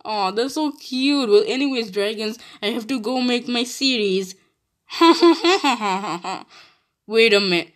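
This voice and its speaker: A woman's voice: on the high side, moderate pace, few pauses. Giggly woman chatting through a game. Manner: giggly and excitable, breaks into laughter often; chatty, with frequent restarts and exclamations. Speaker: gaming video creator. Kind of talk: casual gameplay commentary.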